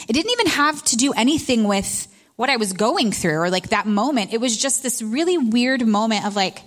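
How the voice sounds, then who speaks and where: A woman's voice: fairly high pitch, lively intonation, moderate pace, few pauses. A woman in her thirties, a retreat speaker, giving a candid, conversational sermon and laughing at herself along the way.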